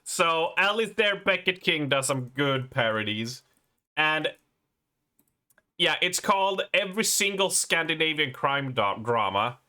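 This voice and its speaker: Bright Swedish streamer man. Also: a little high, very animated, a little slow. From Sweden. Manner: casual, laughing, stumbling restarts. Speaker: game streamer. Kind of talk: live stream reaction chat.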